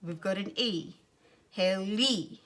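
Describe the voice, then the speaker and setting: Slow, patient woman teaching young children. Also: mid-range voice, animated, a bit bright. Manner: slow, clear, patient, counting down and sounding out words. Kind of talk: recorded classroom lesson for young children.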